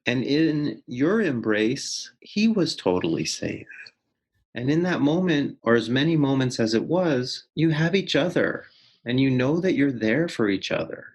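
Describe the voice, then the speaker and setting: A man who is a clinical psychologist speaks as an interview guest, reflective and unhurried, leaning on casual fillers as he thinks aloud. His voice sits at a middle pitch. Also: very animated, darkish tone, breathy edge. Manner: reflective and unhurried, full of "you know" and "like".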